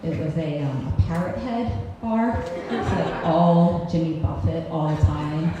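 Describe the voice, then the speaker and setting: On stage at a cultural center hall, a woman in her thirties performs a personal story, wry and self-deprecating, often laughing as she speaks. Her low voice moves at a measured pace, and the lo-fi, echoey recording carries a crowd and faint hiss.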